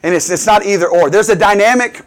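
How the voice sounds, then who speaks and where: High-voiced man preaching. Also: fast talker. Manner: call-and-response preaching, rising emphatic bursts. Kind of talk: sermon.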